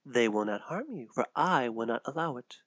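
A mysterious hooded woman of the forest, as a male storyteller puts her on, gentle and protective, speaking in a light, lilting, near-whispered hush. Her voice stays soft and quiet, with a raised, lively lift to the pitch. It is a dry, close storybook reading with no room sound. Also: normal speed, dry recording, lo-fi sound. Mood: soothing.

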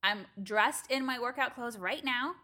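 Chatty swearing woman, bright voice. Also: a little high, a little slow. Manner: chatty, swears freely, acts out quotes. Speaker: podcast co-host. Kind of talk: casual chat.

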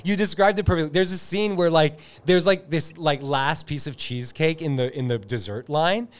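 A man hosting a comedy podcast, rambling through a casual, animated chat. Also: a little high, normal speed, clear, resonant tone. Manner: rambling, animated, frequent laughter. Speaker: podcast host.

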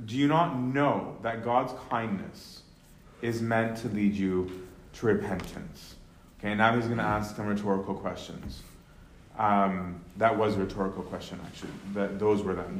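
A man leading a casual Bible study, talking loosely with lots of "right?" and "um", then slowing down to read verses aloud. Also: lowish voice, steady tone. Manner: conversational, many fillers and tag questions, slows to read scripture. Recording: echoey room with faint noise.

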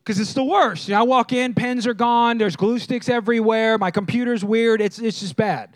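A man's voice: very high-pitched, normal speed, no room sound, studio quality. A man preaching a sermon, telling funny stories and drawing in the crowd with questions. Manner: animated, engages the crowd with questions. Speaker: pastor. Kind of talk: humorous storytelling sermon.

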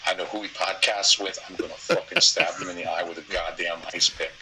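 A man's voice: deep voice, little pitch movement, brisk, background noise. A man with a Boston accent telling a crude, rambling story as a podcast guest, profane and often laughing.

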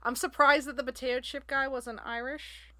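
A woman's voice: sits high, fairly even intonation, moderate pace, sharp tone. A woman co-hosting a podcast in casual chat, dropping dry, teasing quips. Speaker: podcast co-host.

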